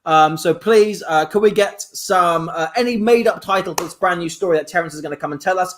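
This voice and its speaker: A man's voice: high voice, fairly quick, few pauses, fairly bright tone, slight background noise. A man hosting an improvised comedy livestream, reading out suggestions in a playful, rambling way. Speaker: improv show host.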